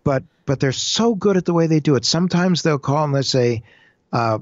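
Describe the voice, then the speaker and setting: A man's voice: fairly high pitch, moderate pace, no room sound, dull audio. A man being interviewed as an identity-theft expert, telling stories and acting out the voices of scammers and their victims. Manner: animated storyteller, acts out scammer and victim quotes. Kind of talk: interview answers.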